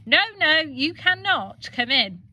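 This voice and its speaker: A woman doing a shrill, scolding giant's wife. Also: very animated, takes it slowly, sharp tone, exaggerated voice. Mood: refusing. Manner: shrill and insistent.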